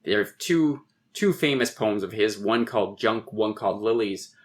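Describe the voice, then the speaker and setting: A man's voice: on the low side, moderate pace. A man, a poet and philosopher, explaining poetic meter in a thoughtful, professorial way with frequent restarts. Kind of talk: conversational lecture on poetic meter.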